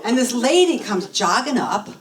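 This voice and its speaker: A woman giving a personal testimony talk at a spiritual center, telling her story in an animated way and acting out the dialogue. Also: a little high, normal speed, slight background noise. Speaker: guest speaker. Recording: voice from a distance from the mic.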